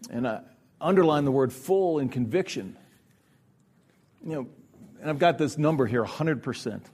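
A middle-aged man delivers an earnest, conversational Christian workshop talk in a sermon style, frequently checking in with "right?". His medium-pitched voice is expressive, with a breathy edge, at normal speed.

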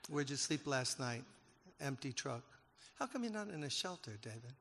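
A male pastor tells a story from the pulpit in a gravelly voice, pitched in the middle range. He turns emotional and pushes up to loud, emphatic peaks. His words ring out with a long reverb, as in a large church hall. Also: big pitch swings, moderate pace. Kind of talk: sermon storytelling.

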